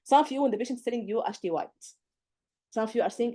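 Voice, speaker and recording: Brisk, slightly high woman tutor, emphatic, scolding, rhetorical. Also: warm tone. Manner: emphatic, scolding, rhetorical questions, acts out student mistakes. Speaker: medical exam tutor. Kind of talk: live online lecture.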